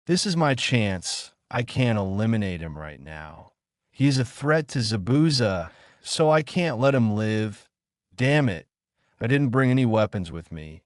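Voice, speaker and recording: A man voicing a soft-spoken, polite young female ninja in a fan fiction reading. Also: on the low side, very animated, measured pace, clear, resonant tone, no echo, studio quality. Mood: gentle.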